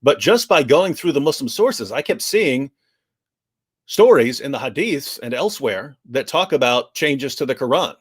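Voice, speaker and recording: A man's voice: mid-range voice, expressive, moderate pace, slightly rough. Man explaining with many restarts. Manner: frequent restarts, acts out quotes. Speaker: livestream discussion guest. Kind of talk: animated explanatory commentary.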